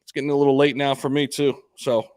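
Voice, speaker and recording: A young man hosting a casual live crypto stream, relaxed and chatty, with plenty of fillers and shout-outs to viewers. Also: medium pitch, fast talker, smooth, dry recording, studio quality. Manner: laid-back, frequent fillers and shout-outs.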